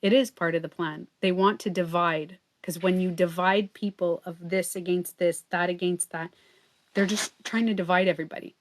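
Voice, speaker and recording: A woman's voice: on the low side, fairly even intonation, normal speed. A woman hosting a casual livestream, talking earnestly and full of fillers. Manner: chatty and earnest, many fillers like "like" and "you know". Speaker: livestream host and beauty coach.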